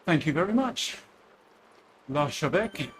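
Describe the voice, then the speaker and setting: A man's voice: on the high side, measured pace, a little hiss or hum. A man from Essex with an Essex accent, chatting casually and joking at his own expense while racing. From Essex, England. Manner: chatty, joking, self-deprecating. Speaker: cycling vlogger.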